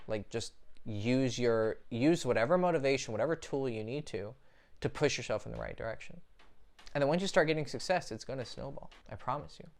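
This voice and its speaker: A man's voice: mid-range voice, expressive, brisk, vocal fry. Blunt, profane male dating coach. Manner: blunt and profane, talks straight to the viewer. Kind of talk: casual advice monologue.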